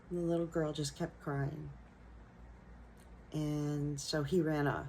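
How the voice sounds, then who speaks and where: A woman who teaches young children, telling a personal classroom story in a gentle, reflective way. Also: low-pitched, steady tone, a little slow, a little hiss or hum, poor audio. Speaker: elementary school teacher.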